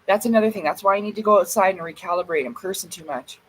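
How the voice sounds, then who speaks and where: Husky-voiced woman telling a story. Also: medium pitch, very fast, rough recording. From Canada. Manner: chatty, laughs often, swears and catches herself. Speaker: livestream vlogger. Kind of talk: casual storytelling chat. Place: home, by a door while smoking.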